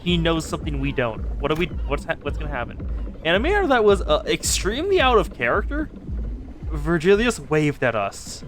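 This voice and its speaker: A man's voice: a little high, wildly swooping pitch, brisk. A young man streaming a game, giving playful, jokey commentary and reading dialogue aloud. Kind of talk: casual let's-play commentary with read-aloud dialogue. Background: game music.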